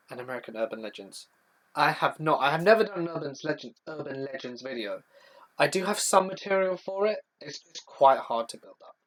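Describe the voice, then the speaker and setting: A young man hosting a live stream, chatty as he reads viewer questions from the chat and answers them one by one. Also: fairly high pitch. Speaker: horror storytelling channel host.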